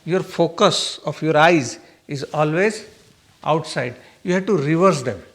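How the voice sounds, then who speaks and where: A man with a somewhat high-pitched voice leads a meditation class in a spiritual talk. He puts questions to the listeners and answers them himself, repeating his points patiently. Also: a little slow, fairly bright tone. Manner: repeats himself and checks "okay?". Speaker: meditation teacher.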